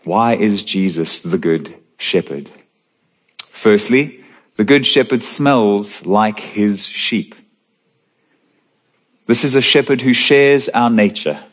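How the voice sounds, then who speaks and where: Low-voiced man preaching an earnest sermon. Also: animated. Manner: earnest, emphatic preaching with slow stressed phrases. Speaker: pastor.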